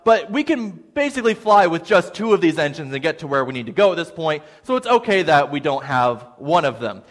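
Guy doing flight attendants calming everyone down, kinda high voice, echoey hall. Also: fairly quick. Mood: reassuring. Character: reassuring flight attendants explaining plane engines. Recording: long hall reverb.

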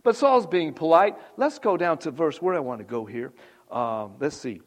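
A man's voice: on the high side, animated, normal speed. A man preaching a sermon, reading scripture aloud and talking with the congregation in a conversational way. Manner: conversational, asks the congregation questions; reads scripture aloud with rising emphasis. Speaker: pastor.

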